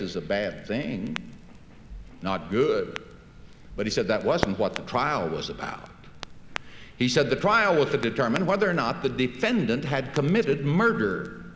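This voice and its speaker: A man's voice: fairly high pitch, fairly bright tone. A man giving a public speech in a folksy storytelling manner, acting out conversations as he tells them. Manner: folksy storytelling, acts out dialogue. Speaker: public speaker. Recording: echoey hall recording with faint hiss.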